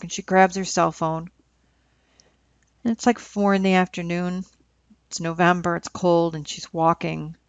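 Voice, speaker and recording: A woman's voice: fairly low pitch, vocal fry, dry recording. A woman telling a story in a casual, conversational way, with fillers. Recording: dull lo-fi recording.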